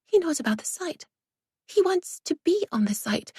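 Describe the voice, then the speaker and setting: A woman's voice: extremely high pitch, very animated, moderate pace, warm tone, dry recording, clean studio sound, voice pushed up. Woman doing a flustered young assistant. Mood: nervous. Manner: nervous, flustered.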